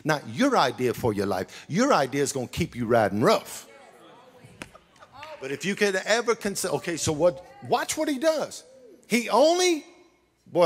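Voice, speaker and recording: High, animated shouting preacher. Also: male voice. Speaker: pastor. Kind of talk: sermon. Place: church sanctuary. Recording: reverberant church hall.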